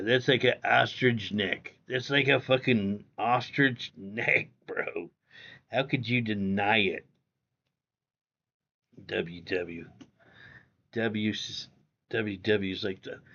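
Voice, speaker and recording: Gravelly dude reading chat on his stream, slow and cussing, keeps saying bro, muffled lo-fi audio. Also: mid-range voice, a bit bright. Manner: blunt, profane, repeats himself and says "bro" a lot. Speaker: live streamer. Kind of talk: casual livestream chat reading viewer comments.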